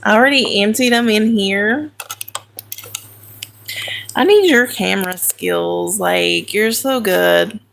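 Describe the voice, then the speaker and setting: A woman's voice: mid-range voice, big pitch swings, takes it slowly, vocal fry, pauses often, a bit bright, slight background noise. A woman with a country accent, chatting casually with viewers on a livestream while she sorts crayons. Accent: American country. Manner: chatty, talks to viewers by name, self-correcting. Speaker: livestream host. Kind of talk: casual live chat while sorting crayons.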